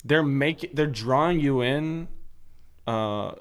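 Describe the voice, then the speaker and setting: A man, a stand-up comic, talking casually, loud and animated, swearing freely. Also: mid-range voice, takes it slowly. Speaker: stand-up comedian. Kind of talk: casual chat.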